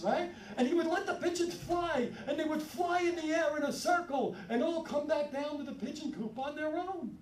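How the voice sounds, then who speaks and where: A man from Brooklyn doing a stand-up set, telling stories in a punchy, animated way. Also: very high-pitched, normal speed, slight background noise. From Brooklyn, New York. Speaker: stand-up comedian. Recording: roomy live sound from a distance. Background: audience laughter.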